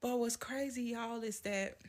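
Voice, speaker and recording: Animated woman telling a story. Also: a little high, unhurried. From Southern US. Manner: animated, laughs often, acts out quotes. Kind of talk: storytime vlog.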